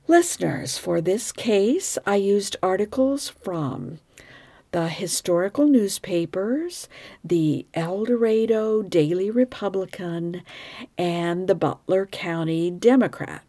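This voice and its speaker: Woman, true crime podcast host, unhurried delivery, animated intonation, frank and opinionated asides. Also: mid-range voice, dry recording.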